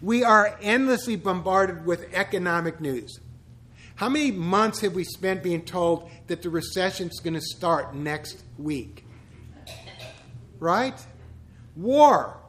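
A man's voice: high-pitched, lively intonation, slow, a bit bright. A man, a pastor, giving a conversational church teaching full of humorous asides and rhetorical questions.

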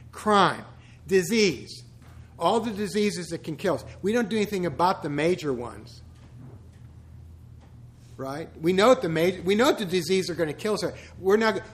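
A pastor with a notably high voice leads a chatty church teaching. He peppers it with joking asides and rhetorical questions. The man talks like he is with friends rather than preaching from on high. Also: fairly bright tone.

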